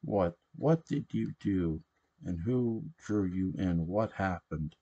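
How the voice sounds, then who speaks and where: Worried hermit witch, read by a man, deep, mellow, soothing, begging, storybook. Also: slow pace, vocal fry, slightly rough, highs cut off, exaggerated voice. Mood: urgent. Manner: soothing but urgent, begging.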